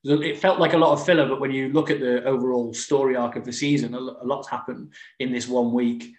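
A man's voice: medium pitch, steady tone, brisk. A man co-hosting a podcast in casual chat, rambling with many restarts and fillers. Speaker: podcast co-host. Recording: roomy echo.

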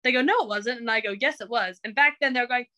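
Bright-voiced young woman, chatty. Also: fairly high pitch, racing, poor audio. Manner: chatty, acts out quoted remarks. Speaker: coaching client. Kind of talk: casual interview.

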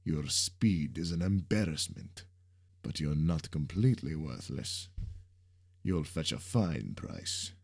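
A man voicing a powerful masked villain who gloats over a captured boy, with a deep, commanding voice and slow, deliberate delivery. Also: expressive, vocal fry, a little mellow, slightly rough, full character voice. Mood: gloating. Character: menacing masked man, powerful slaver leader.

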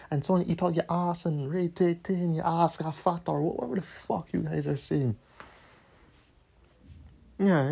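A man's voice: a little high, gravelly, mellow, husky. A man, hosting a podcast and delivering a profane, repetitive, scolding rant. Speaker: podcast host.

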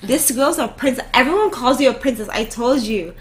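A young woman, co-hosting a podcast in casual, slangy, animated chat. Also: a little high, a little fast, rough recording. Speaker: podcast co-host.

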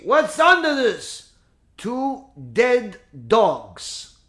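A man's voice: extremely high pitch, fairly bright tone, roomy sound. A man telling a religious story as a sermon, dramatic and acting out scenes with sound effects.

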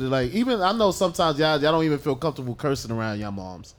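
A man's voice: on the high side, lively intonation, quick pace, few pauses. A man co-hosting a casual podcast, cursing freely and steering the talk from topic to topic. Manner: profane, joking, leads the topics. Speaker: podcast co-host.

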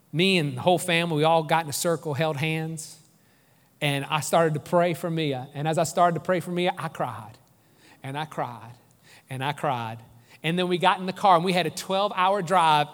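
High-voiced pastor preaching in an echoey hall. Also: male voice, fairly bright tone. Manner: earnest, emphatic preaching with repeated phrases. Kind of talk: sermon. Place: church sanctuary.

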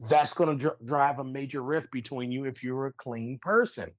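A man's voice: mid-range voice, normal speed, dry recording, lo-fi sound. A man co-hosting a podcast, ranting in casual chat with lots of swearing and restarts. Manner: animated, swearing, rambling rants with restarts. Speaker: podcast co-host.

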